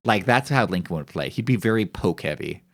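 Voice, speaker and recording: Male streamer, young adult, low voice, lively intonation, crude joking banter. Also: brisk, vocal fry. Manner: joking, rambling, profane banter. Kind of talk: casual chat on a live stream.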